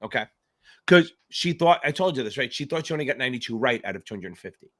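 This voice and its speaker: A man's voice: mid-range voice, lively intonation, fast, a bit bright. A man hosting a live exam-prep Q&A stream, chatting casually with jokes and profanity. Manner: joking, profane, rambling.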